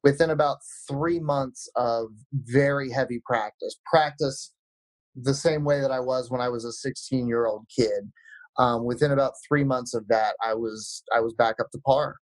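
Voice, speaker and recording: Male guest musician, measured and reflective, dry recording. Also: mid-range voice, steady tone, dry recording, low-quality recording. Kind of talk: casual interview answers.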